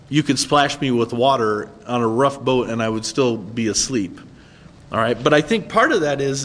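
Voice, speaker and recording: Male pastor, fairly high voice, chatty sermon delivery, long hall reverb. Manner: conversational, asks listeners "right?".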